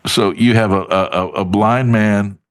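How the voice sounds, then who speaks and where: A middle-aged man telling stories as a podcast guest, lively and acting out what others said. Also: lowish voice, measured pace. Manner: animated storyteller who acts out quoted voices. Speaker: podcast guest, business advocate. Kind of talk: casual storytelling in an interview.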